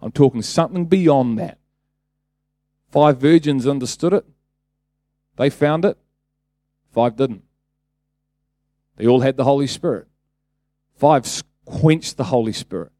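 A man's voice: mid-range voice, unhurried, pauses often, mellow, no echo, studio quality. A man preaching a casual sermon, talking conversationally, then building to emphatic bursts and asking the congregation rhetorical questions.

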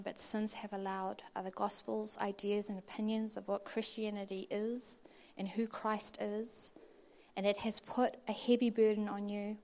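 A woman preaching in an earnest, conversational way, sometimes dropping to a soft, near-whispered delivery. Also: medium pitch. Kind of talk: conversational sermon.

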